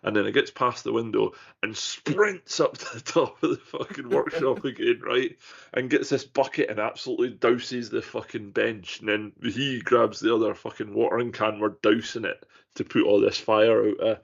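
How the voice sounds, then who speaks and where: A man's voice: on the low side, fairly even intonation, normal speed, vocal fry. A young man, telling sweary stories in a casual podcast chat. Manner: sweary storytelling. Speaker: podcast co-host. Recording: muffled lo-fi recording.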